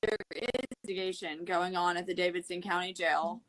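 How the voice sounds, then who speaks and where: A woman's voice: on the low side, steady tone, brisk, crowd noise, rough recording. A woman speaking hesitantly in a played clip, searching for her words.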